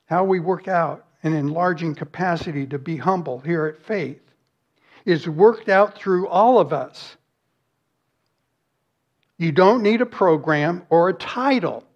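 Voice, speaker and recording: A man's voice: a little high, lively intonation, unhurried, muffled recording. A man preaching a sermon as pastor, earnest and emphatic, with rhetorical questions and lists.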